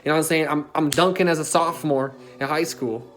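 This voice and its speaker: A man's voice: a little high, fairly even intonation, quick pace, fairly bright tone, soft background music. A young man telling a personal story in a casual, emphatic way, as a self-development coach. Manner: casual and emphatic, with frequent filler tags and swearing.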